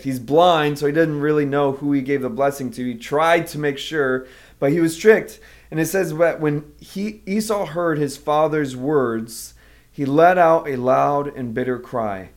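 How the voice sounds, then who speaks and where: A pastor preaching a sermon in an earnest, emphatic way. His voice sits a touch higher than most men's. He walks his listeners through a Bible story. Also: measured pace. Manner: earnest, emphatic teaching, explaining a Bible passage.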